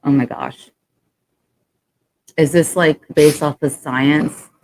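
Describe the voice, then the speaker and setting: A woman's voice: sits low, fairly even intonation, takes it slowly, darkish tone. Teasing woman podcast co-host. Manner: teasing, laughs often, swears casually. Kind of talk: casual sports podcast chat.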